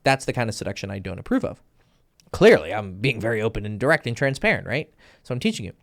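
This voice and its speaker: Blunt, profane man with a gravelly voice. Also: lowish voice, big pitch swings, fast, fairly bright tone. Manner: blunt, profane, acts out both sides of conversations. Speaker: dating coach. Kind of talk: casual instructional talk.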